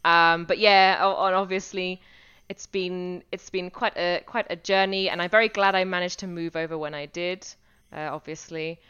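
A woman with a lowish, smooth, resonant voice chats easily on a podcast, circling back over her own phrases and laughing lightly. She is a primary school music teacher telling stories from work. The recording sounds muffled and a little lo-fi. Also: steady tone, normal speed, a bit bright. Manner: chatty, with frequent restarts and light laughs. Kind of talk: casual podcast chat.

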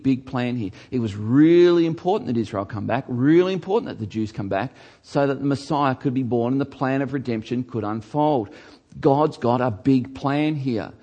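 A man's voice: mid-range voice, darkish tone. Earnest male preacher. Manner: earnest, emphatic, repeats words for stress. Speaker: pastor. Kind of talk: sermon.

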